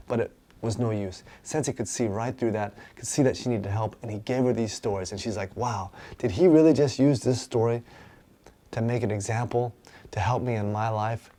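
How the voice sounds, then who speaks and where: A man's voice: mid-range voice, warm tone. A man, a martial arts instructor, casually and enthusiastically explaining a manga page by page, often asking "right?".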